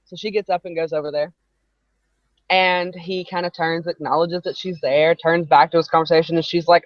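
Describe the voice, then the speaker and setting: A woman speaks at a moderate pace in a low voice with little pitch movement while hosting a live broadcast from her home. Her story rambles on with frequent asides, captured in dull, dry audio with no room sound.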